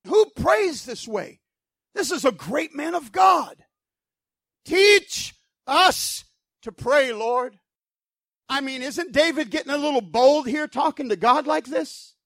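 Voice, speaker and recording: A man's voice: very high voice, lively intonation, slow pace, fairly bright tone, no echo, studio quality. A man preaching a sermon in a fervent, emphatic style, asking the congregation rhetorical questions.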